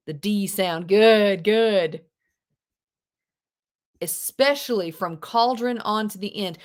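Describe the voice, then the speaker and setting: A woman teaching a live online English class, chatty and expressive, with unhurried explanations. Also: medium pitch. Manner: chatty, expressive, reads lines aloud dramatically. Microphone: video call.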